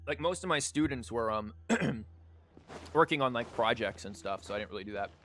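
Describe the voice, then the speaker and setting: A man who streams and teaches is losing his voice to a sore throat as he chats about a card game, rambling with fillers over game music. His medium-pitched voice is fairly quick and a bit bright, with slight background noise.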